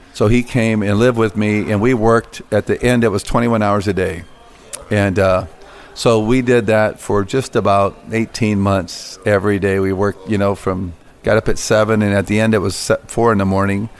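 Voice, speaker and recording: A middle-aged man, guest in an interview, telling rambling anecdotes full of fillers and restarts. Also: on the low side. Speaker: interview guest, coffee business founder. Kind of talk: casual interview storytelling.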